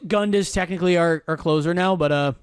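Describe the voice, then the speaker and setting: A man's voice: on the high side, brisk, smooth, dry recording, clean studio sound. A man playing a baseball video game on a live stream, muttering, thinking aloud and swearing freely as he checks player moves. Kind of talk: casual live-stream commentary.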